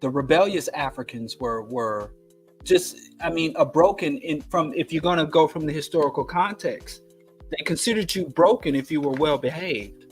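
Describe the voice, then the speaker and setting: A man hosting a radio call-in talk show, explaining his points in a measured, deliberate way. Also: on the high side, faint music behind.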